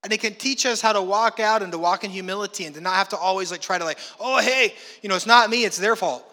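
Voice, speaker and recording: A man with a high, bright voice gives a sermon in a reverberant hall. He tells a story in an animated way and slips into the voices of the people he quotes. The long echo of the room trails behind his words. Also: quick pace. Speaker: pastor.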